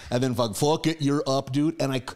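A man, a comedian, telling stories in casual podcast chat, swearing constantly and animated. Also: mid-range voice, a little fast. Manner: profane, animated storytelling.

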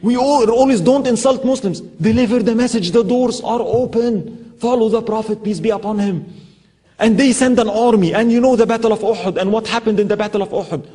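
A man's voice: high-pitched, brisk, mellow. A man giving a sermon talk, telling stories with emphatic rhetorical questions. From Egypt. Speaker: Islamic speaker. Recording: lecture hall with long reverb.

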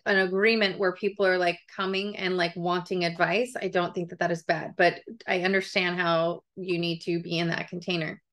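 A woman's voice: mid-range voice, a bit bright. A woman reading a book chapter aloud for a book club, breaking off into chatty, digressive asides and frequent laughs.

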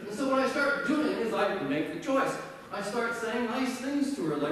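Guy preaching a sermon, kinda high voice, big echoey church, mic pretty far off. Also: animated, normal speed, hardly any pauses, a bit bright, slight background noise. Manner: conversational storytelling, self-deprecating humor. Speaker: pastor. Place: church sanctuary.

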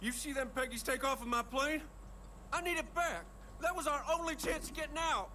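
A man's voice: very high voice, a little fast, sharp tone, a little hiss or hum. An actor playing a desperate, emotional pilot and expectant father in a game, pleading and swearing. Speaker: game character.

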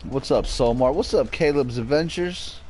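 A man's voice: medium pitch, moderate pace, darkish tone, soft background music. A man streaming a game, chatting casually with viewers and his pet. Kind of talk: casual livestream chat.

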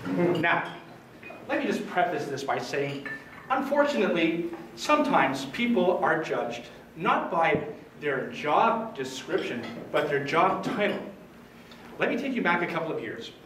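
Guy doing a funny speech at a restaurant, lively up-and-down voice, echoey room, mic far off. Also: high-pitched. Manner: storytelling with comic timing. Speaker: toastmasters speaker. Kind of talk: humorous prepared speech. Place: restaurant dining room at a club event. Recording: echoey room, distant mic, background noise.

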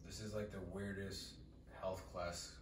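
A man's voice: deep voice, little pitch movement, a little slow, slight background noise. A man playing as a contestant on a live comedy game show, puzzled and full of questions. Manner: puzzled, questioning, laughs often. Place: live show in a roomy venue. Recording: echoey room, mic far off.

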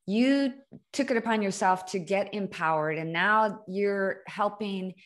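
A woman's voice: mid-range voice, unhurried. Engaged woman interview host. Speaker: podcast host. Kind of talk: conversational interview.

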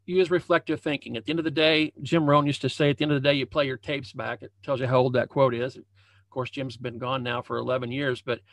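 A man's voice: mid-range voice, level tone, quick pace, a bit bright, dry recording. A man, a leadership coach, giving a motivational talk over a video call. He speaks conversationally from a home room, repeating phrases and restarting often. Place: home room with a banner hung as backdrop.

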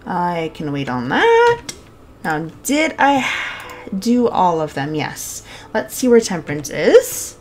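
A woman hosting a let's-play of a cozy farm game, chatting casually, bubbly, giggly and easily excited. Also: on the low side, takes it slowly. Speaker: gaming channel host.

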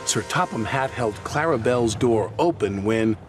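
Man reading a lively storybook. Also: mid-range voice, normal speed, loud music behind the voice. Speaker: narrator.

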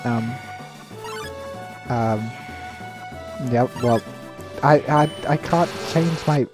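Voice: mid-range voice, drawn-out words, pauses often, darkish tone. A gamer giving casual, giggly gameplay commentary with many fillers and distracted asides. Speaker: let's play gamer. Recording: faint game music behind.

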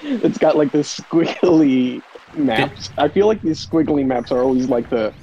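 A man's voice: on the high side, animated, unhurried, dark tone, dull audio, a little hiss or hum. A man chatting casually on a game stream, giving teasing backseat advice. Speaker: friend commenting on a game stream. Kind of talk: casual let's-play chat.

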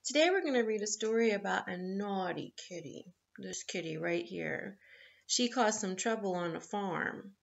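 A woman reading a picture book aloud to children at story time, in a gentle, playful storyteller's manner. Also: medium pitch, expressive, moderate pace, creaky. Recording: echoey, slightly dull room.

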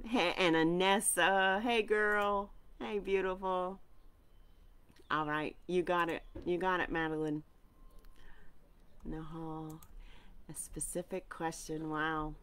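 A woman's voice: lowish voice, clean tone. A woman doing a chatty live-streamed tarot reading, greeting viewers by name, with a tickled throat that keeps making her cough. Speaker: tarot reader.

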